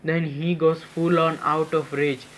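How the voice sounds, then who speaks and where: A man telling an improvised fan-fiction story in a halting way, with many restarts and fillers. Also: on the high side, level tone, a bit bright, slight background noise, rough recording.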